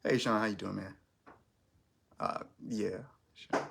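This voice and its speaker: A man's voice: fairly low pitch, steady tone, takes it slowly, creaky, a bit bright, breathy edge. A man hosting his first live stream, chatting casually in a rambling, self-conscious way with lots of restarts.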